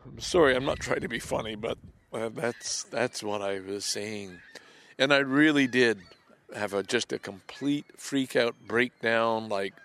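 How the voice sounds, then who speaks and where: A man with a gravelly, fry-edged voice speaks in a confessional monologue. He halts, repeats words, and lets his sentences sink into soft near-whispers. His pitch sits in an ordinary middle range. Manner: halting and repetitive, trailing off into soft near-whispers.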